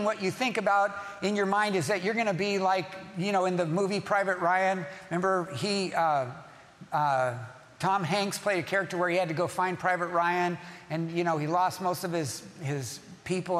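A man's voice: high-pitched, steady tone, normal speed, a bit bright, big-room sound. A man preaching as pastor, emphatic, repeating key phrases and putting questions to the congregation. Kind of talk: sermon.

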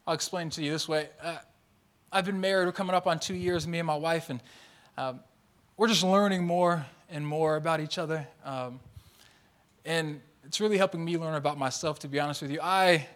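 A young man delivers a sermon in a casual, conversational way, spinning personal stories with playful mimicry and quick shifts of energy. His voice sits fairly high for a man. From Tongan and Mexican heritage. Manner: animated storytelling with lively mimicry. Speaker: pastor.

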